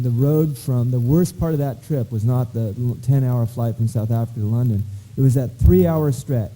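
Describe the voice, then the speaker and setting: A middle-aged man giving a talk to high school students, telling a long story with wry asides and acted-out dialogue. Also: dark tone, rough recording. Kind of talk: anecdotal public talk. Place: school auditorium.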